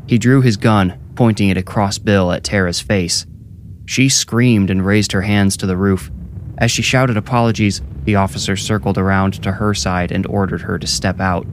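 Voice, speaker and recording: A man narrating a scripted horror story in a measured, steady way. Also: sits low, slight background noise.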